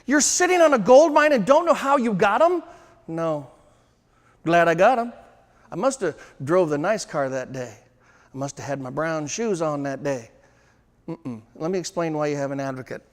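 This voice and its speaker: A man's voice: fairly high pitch, lively intonation. Emphatic man speaking in a reverberant hall. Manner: emphatic, slows down to stress points. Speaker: sales trainer. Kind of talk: seminar talk to a live room.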